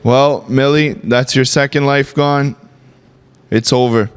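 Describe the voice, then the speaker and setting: A man's voice: mid-range voice, steady tone, takes it slowly, clean tone. Man, quizmaster, narrator, mock-formal, theatrical announcer delivery. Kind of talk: quiz show hosting.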